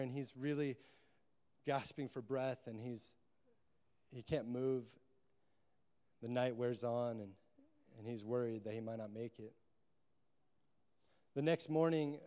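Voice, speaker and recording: A man's voice: medium pitch, a little mellow, clear, resonant tone. A man preaching a sermon, telling a parable in long run-on sentences strung together with "and", in a church. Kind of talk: sermon storytelling. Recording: long hall reverb.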